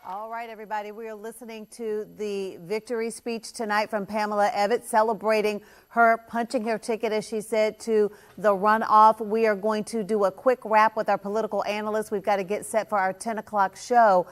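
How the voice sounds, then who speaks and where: A woman news anchor wrapping up live election coverage in a measured, steady way. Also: medium pitch.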